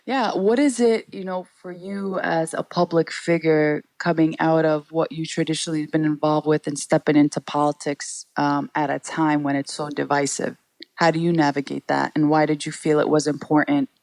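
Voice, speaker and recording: A woman guest on a podcast, speaking in a composed, measured and earnest way in a casual interview. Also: low-pitched, fairly even intonation, vocal fry, darkish tone, dry recording. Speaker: podcast guest, political candidate.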